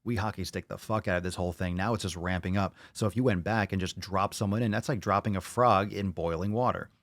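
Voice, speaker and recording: Guy hosting a fitness podcast, low voice, swears constantly, gets all fired up, dry close mic sound. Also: steady tone, fast talker, no echo. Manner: profane, fired-up ranting. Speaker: podcast host. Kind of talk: casual livestream podcast chat.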